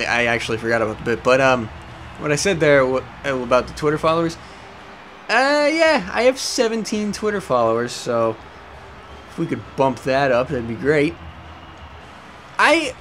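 A man's voice: on the high side, fairly bright tone, slight background noise. A young man casually commenting over gameplay at home, rambling, self-mocking and swearing often. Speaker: let's play host. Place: at home with a cat.

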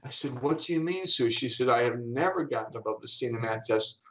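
A middle-aged man, a coach and speaker, telling animated anecdotes in an interview and acting out the people he quotes. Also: mid-range voice, fast, rough recording. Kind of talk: storytelling in an interview.

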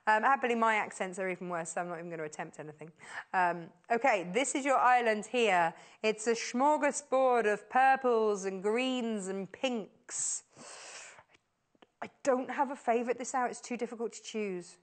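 At a moderate pace, a woman hosts a live sales segment on a shopping channel from a TV studio. Her pitch is gushing and eager, full of repeated compliments for the product.

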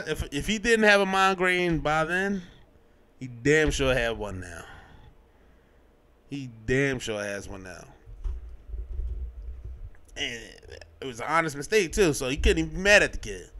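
A man hosting a casual podcast, talking in a lively, slangy way and acting out scenes as he recaps a show. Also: mid-range voice. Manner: animated, slangy, acts out scenes with quoted voices. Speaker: podcast host.

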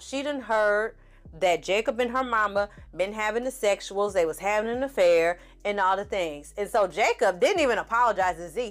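A woman giving a sassy, chatty recap of a TV series and acting out the characters' lines as she goes. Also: medium pitch. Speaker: TV series reviewer. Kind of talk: casual recap commentary.

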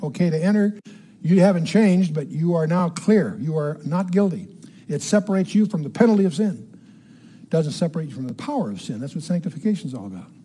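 A man's voice: a little high, mellow, husky. An older man giving a Bible teaching to a room, emphatic, repeating key words and putting questions to his listeners. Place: room with a live audience.

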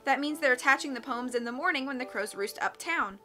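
A woman's voice: high voice, fairly quick, pushed and bright, faint music behind. A woman voicing a clever, bookish boy who patiently explains ideas, read aloud from a storybook. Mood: explaining.

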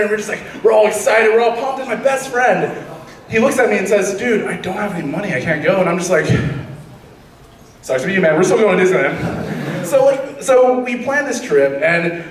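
Young male comic, high lively voice, rambling, roomy hall, distant mic. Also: fairly quick, crowd noise. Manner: rambling, animated, laughs at his own story. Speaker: stand-up comedian. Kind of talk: stand-up storytelling.

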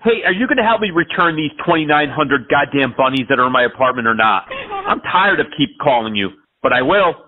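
A man with a high voice makes a prank call and rambles through one exaggerated complaint after another. The sound is thin and narrow, the way a phone line sounds. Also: wildly swooping pitch, fairly quick. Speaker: scambaiter prank caller.

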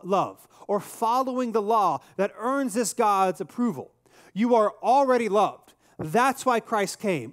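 A male pastor in his thirties delivers a sermon with a fairly high voice. His speech is earnest and conversational. He slips easily into personal stories.

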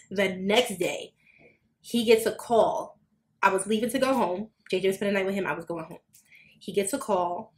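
A woman on a podcast telling a personal story in casual chat, swearing freely and acting out quotes with sudden high, loud bursts. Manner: animated, swearing, acts out quotes with big jumps in pitch. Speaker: podcast co-host.

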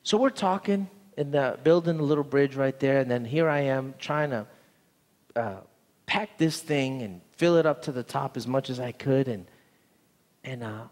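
A man's voice: medium pitch, darkish tone, long reverb tail. A man pastor preaching a sermon, telling a story earnestly and often repeating words, in a church sanctuary.

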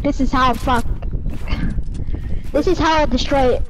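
A woman giving casual commentary on her own game match, trash-talking rowdily and breaking into sudden shouts. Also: high-pitched, moderate pace, background noise. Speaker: gamer recording her match.

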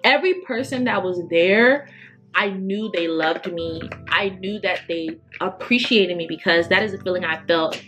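A woman's voice: lowish voice, moderate pace, a bit bright, faint music behind. A woman in her early twenties chatting casually to camera as a beauty vlogger, emphatic and full of fillers. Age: 20s.

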